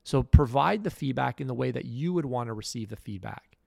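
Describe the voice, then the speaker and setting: A man's voice: mid-range voice, animated, fairly quick, gravelly, warm tone, dry recording, clean studio sound. A middle-aged man hosting a podcast, giving a blunt, emphatic motivational monologue. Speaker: podcast host.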